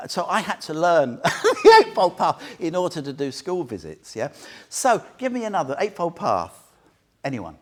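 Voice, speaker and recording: A Buddhist teacher speaks informally to a small group in a meditation centre room, chatty and jokey, often asking his listeners questions. His high voice swoops wildly in pitch at a normal speed.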